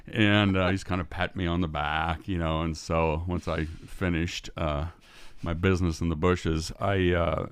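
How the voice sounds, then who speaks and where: A man's voice: deep voice, fairly even intonation, unhurried, few pauses, clear, resonant tone. An older man telling a story as a podcast guest, rambling and restarting his sentences. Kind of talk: storytelling in casual conversation.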